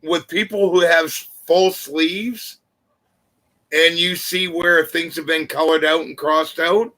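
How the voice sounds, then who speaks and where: A man in a casual group chat, telling his story in an earnest, unhurried way. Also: fairly high pitch, fairly even intonation, pushed and bright. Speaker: live chat panelist.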